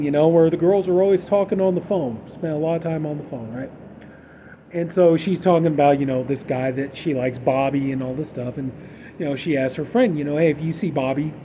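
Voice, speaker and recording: A man's voice: a little high, dark tone, slight background noise, low-quality recording. A man casually retelling a film's plot on a podcast, rambling and filling gaps with "you know". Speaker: horror podcast co-host. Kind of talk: casual film recap.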